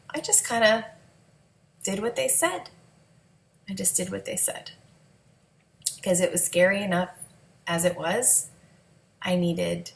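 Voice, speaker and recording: A woman's voice: mid-range voice, a little hiss or hum. Candid woman telling her story, echoey room. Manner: candid, emotional, conversational. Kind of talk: personal storytelling vlog.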